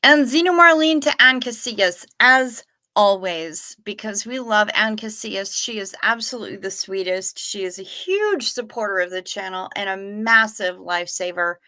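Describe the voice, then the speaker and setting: A woman's voice: mid-range voice, expressive, normal speed, few pauses, bright, forceful tone. A woman hosting a casual livestream, greeting viewers by name and chatting in a profane, effusive way. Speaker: livestream host. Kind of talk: casual livestream chat reading viewer comments.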